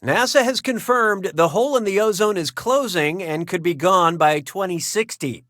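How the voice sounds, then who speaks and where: A snarky wisecracking quiz show host. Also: male voice, high voice, animated, moderate pace, very noisy. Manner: snarky, mocking, punchy joke delivery. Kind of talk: scripted game show hosting.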